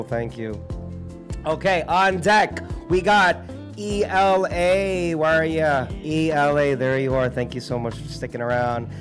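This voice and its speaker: An upbeat man emcees an open mic, calling up poets in a loose, casual way and cheering the room on. Music plays clearly behind him in the live community center room. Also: on the high side. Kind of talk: hyping up the crowd and introducing acts.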